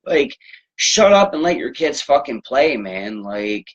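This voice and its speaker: A man's voice: medium pitch, sing-song, measured pace. A man hosting his own sports talk show, ranting in a rambling, profane way with lots of fillers. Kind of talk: solo sports rant. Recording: dull lo-fi recording.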